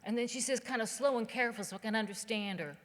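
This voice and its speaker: A woman's voice: fairly high pitch, fast. A woman from southern West Virginia, giving a keynote speech as a humorous, conversational storyteller on a theater stage. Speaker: keynote speaker. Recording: long hall reverb.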